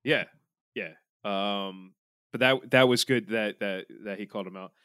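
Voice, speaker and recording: A man's voice: on the low side, a little slow, sharp tone, smooth, no room sound, studio quality. A man co-hosting a podcast, trading loose, swearing banter with lots of fillers. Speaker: podcast co-host. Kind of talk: casual chat.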